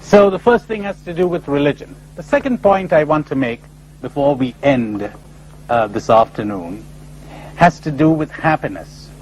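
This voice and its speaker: A man's voice: on the high side, moderate pace, a little hiss or hum, rough recording. A man giving a spiritual lecture full of stories, told in a playful, emphatic way. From India. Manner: animated storyteller, playful and emphatic. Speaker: spiritual speaker.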